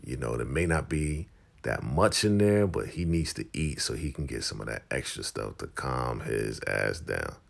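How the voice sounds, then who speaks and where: A man's voice: very deep voice, vocal fry. A man casually recapping a TV episode in loose slang, acting out the characters' lines as he goes. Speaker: TV recap host.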